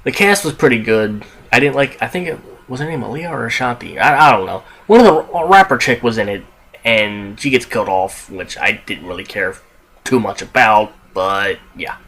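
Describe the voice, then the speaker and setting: A man's voice: mid-range voice, lively intonation, moderate pace, fairly bright tone, husky. A young man casually reviewing a film on his podcast, rambling with frequent restarts, asides and casual swearing. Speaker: movie reviewer, podcast host.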